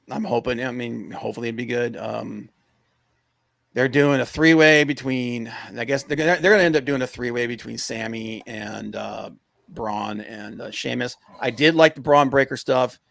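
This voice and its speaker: Podcast co-host, gravelly male voice, rambling casual rants, full of ums and sudden excitement, dry close sound. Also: mid-range voice, dry recording. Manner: rambling, many fillers, gets excited and rants. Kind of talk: casual wrestling podcast chat.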